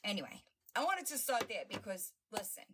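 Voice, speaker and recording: A woman hosts a livestream and reacts to videos with blunt, profane mockery and frequent laughter. Her voice is bright and forward. She talks in a sarcastic, loose, casual way. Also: mid-range voice, big pitch swings, brisk, husky. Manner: brash and profane, often laughing; mocking and sarcastic. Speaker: livestream host.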